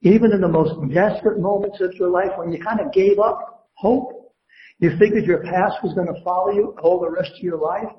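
With a voice pitched slightly above most men's, a pastor delivers a sermon, building emphasis and posing call-and-response questions to the congregation. The sound is roomy and a bit muffled, as though recorded in a church sanctuary.

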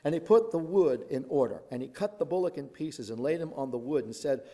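A man's voice: on the high side, lively intonation, brisk, hardly any pauses, mellow. A man preaching a sermon, reading a long scripture passage with dramatic delivery, voicing the quoted speakers and adding his own asides.

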